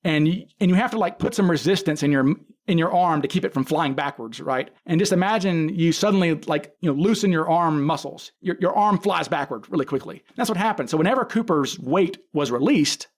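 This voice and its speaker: An animated, brisk man with a fairly high voice guests on a podcast as a case expert. In casual storytelling, he lays out events in detail, acts out what people said, and keeps self-correcting and restarting his sentences.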